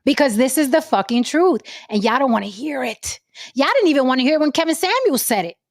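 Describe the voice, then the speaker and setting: A woman's voice: high-pitched, animated, fast talker, dry recording, clean studio sound. A woman hosting a podcast, ranting about celebrity gossip in a brash, profane, blunt manner. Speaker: podcast host.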